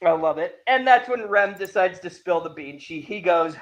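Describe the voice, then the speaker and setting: A man with a fairly high speaking voice hosts a relaxed anime discussion. He retells episodes with lively energy and acts out the characters' dialogue as he goes. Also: moderate pace, few pauses, lo-fi sound. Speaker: podcast host. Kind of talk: casual anime review chat.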